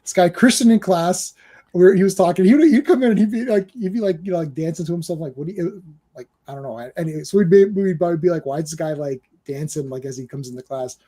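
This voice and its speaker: A man's voice: high-pitched, fast, mellow. A man in his forties hosting a movie podcast who tells stories with lots of energy, acts out quotes, swears and often restarts his sentences. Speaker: podcast host. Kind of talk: casual storytelling on a movie podcast. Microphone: live-stream microphone.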